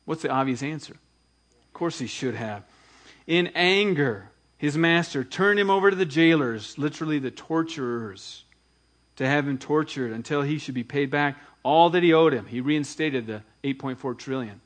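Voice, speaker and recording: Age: adult. Sex: man. Role: pastor. Style: sermon. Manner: animated preaching, retelling scripture with dramatic emphasis and quiet asides. Pitch: somewhat high. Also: normal speed.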